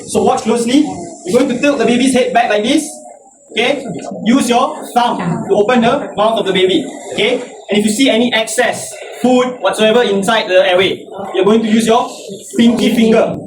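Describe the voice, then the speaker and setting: A man teaching a hands-on CPR class, starting nearly every line with "okay" and counting compressions aloud. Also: high voice. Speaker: CPR instructor. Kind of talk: hands-on first aid class instruction. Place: indoor training hall. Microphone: far camera. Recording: echoey hall from far off, noisy.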